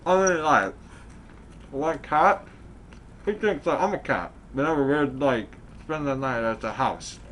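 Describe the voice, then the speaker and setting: A man's voice: medium pitch, animated, a little slow, long pauses, a bit bright, slight background noise. A man playing a goofy, easygoing best friend.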